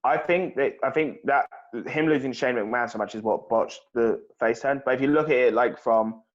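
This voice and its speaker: A man's voice: mid-range voice, normal speed. Ranting man on a dull lo-fi mic. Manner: ranting, profane, exasperated. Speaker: podcast co-host. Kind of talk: casual review chat. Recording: slightly dull lo-fi audio.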